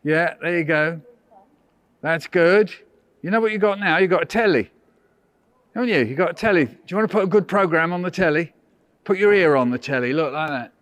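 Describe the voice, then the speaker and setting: A man's voice: fairly high pitch, brisk, pauses often, fairly bright tone, no echo. An older English man leading a school workshop for small children, playful and coaxing, counting them into call-and-response chants. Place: indoor school room with children.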